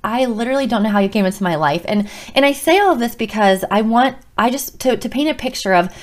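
A woman's voice: a little high, lively intonation, quick pace. A middle-aged woman, a school counselor, telling a heartfelt personal story with emotion and many restarts. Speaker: school counselor and podcast host.

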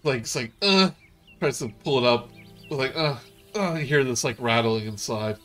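A male game master narrates a tabletop session in a relaxed, meandering way. He pads his lines with fillers and half-starts. His pitch sits at an ordinary middle height, with quiet music behind. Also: normal speed. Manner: casual, rambling narration with many fillers.

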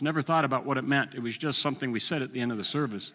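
Bright-voiced older man preaching in a hall. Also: mid-range voice, racing, slight background noise. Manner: animated storytelling, acts out voices with chuckles. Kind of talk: sermon with personal story.

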